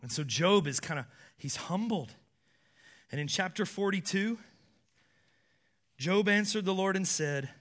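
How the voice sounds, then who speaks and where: Animated high-voiced male preacher. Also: a little slow, pauses often. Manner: animated, acts out quoted voices, shifts from loud to hushed. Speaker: pastor. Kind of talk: sermon.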